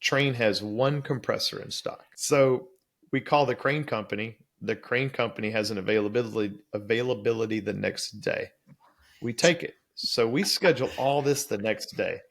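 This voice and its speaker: Man, middle-aged, gravelly fry, middle pitch, lively interview storyteller. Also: moderate pace. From Louisiana, USA. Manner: lively storyteller acting out quoted dialogue. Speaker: guest.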